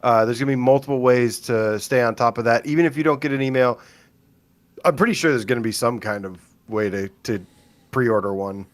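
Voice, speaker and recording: A man co-hosting a live gaming show with a smooth, clear voice and a relaxed delivery. He laughs easily and leans on fillers, heard dry and close. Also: mid-range voice, a little fast, dry recording. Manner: laid-back, laughs often, trailing 'like' and 'um'. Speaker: podcast co-host. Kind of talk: casual livestream chat.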